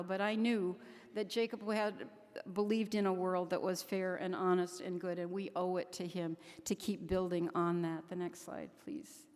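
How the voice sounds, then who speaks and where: An older woman, a grandmother, giving an earnest, heartfelt speech to a conference audience, sometimes stopping and restarting her sentences. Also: lowish voice. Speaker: keynote speaker at a conference. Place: large conference hall. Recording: long hall reverb.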